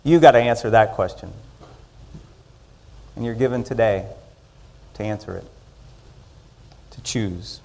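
A man preaching a sermon. He swings from loud, rising lines down to soft, quiet endings. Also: lowish voice, measured pace, creaky, pauses often. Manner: dynamic, rising loud in the story and dropping to soft closings. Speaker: pastor.

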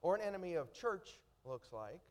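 A man preaching a sermon, reading scripture aloud slowly and then explaining it with rising emphasis. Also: high voice, sing-song.

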